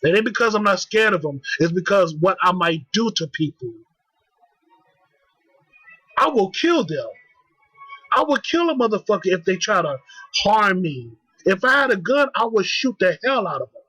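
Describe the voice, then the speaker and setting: High-voiced man ranting, heated and profane. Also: very animated, moderate pace, pauses often, sharp tone, slightly rough, no echo, poor audio. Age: young adult. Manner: heated, profane, repeats himself. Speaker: vlogger. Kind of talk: angry rant.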